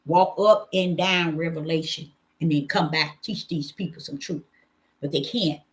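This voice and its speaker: A woman's voice: low voice, fairly bright tone. Woman preaching in an impassioned, scolding tone. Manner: emphatic, repetitive, scolding. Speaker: self-styled preacher.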